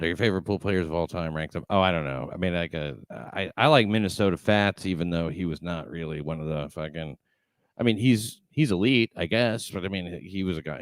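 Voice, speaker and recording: A man with a low voice hosts a livestream, chatting casually and reading out viewer comments. He rambles and swears, full of fillers and restarts, and the recording has no room sound.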